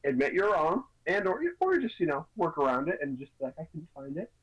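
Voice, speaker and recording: A man's voice: a little high, big pitch swings, brisk, lo-fi sound. A young man co-hosting a podcast, chatting loosely with lots of restarts and fillers. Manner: rambling, many restarts and "you know"s. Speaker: podcast co-host. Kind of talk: casual chat.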